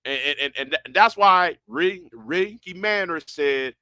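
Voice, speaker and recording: A man's voice: sits high, unhurried, hardly any pauses, pushed and bright, clean tone, dry recording, clean studio sound. A man chatting casually and rambling, often stumbling and restarting his words, with a broad sound. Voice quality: stammering, many restarts. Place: Houston, Texas.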